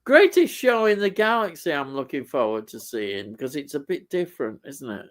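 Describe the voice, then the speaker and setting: A man's voice: on the high side, big pitch swings, normal speed. A man co-hosting a casual live stream, chatting about classic TV and reading out viewer comments with frequent laughs.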